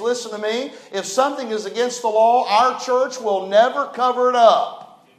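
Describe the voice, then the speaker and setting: A pastor preaching with fervor, his voice sitting high for a man. He swings between ringing emphasis and near-whispered tenderness. The sanctuary around him is roomy and echoey. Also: moderate pace. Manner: fervent preaching, swings from loud to hushed. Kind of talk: sermon. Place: church sanctuary.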